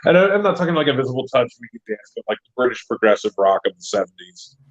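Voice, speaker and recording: Male podcast guest, lively anecdote-teller, mid pitch, slightly muffled recording. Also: fast. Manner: animated storyteller, heavy use of "like". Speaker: podcast guest, comedian and wrestling trainer. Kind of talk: casual storytelling chat. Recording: dull lo-fi sound.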